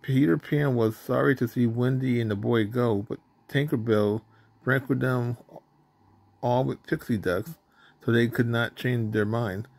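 Male storybook reader, gravelly and mellow, plain delivery with small slips. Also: medium pitch, fairly even intonation, measured pace. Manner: plain reading, with slips and restarts. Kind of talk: reading a children's storybook aloud.

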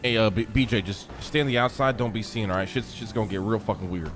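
A man's voice: fairly low pitch, fairly even intonation, quick pace, background noise. A man voicing his character in a roleplay game, brash and urgent, swearing as he talks to his crew. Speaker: roleplay player.

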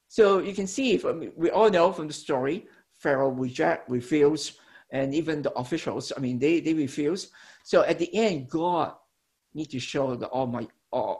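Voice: mid-range voice, a little mellow. A preacher giving a teaching sermon, explaining step by step to a congregation and often restarting and correcting phrases mid-sentence.

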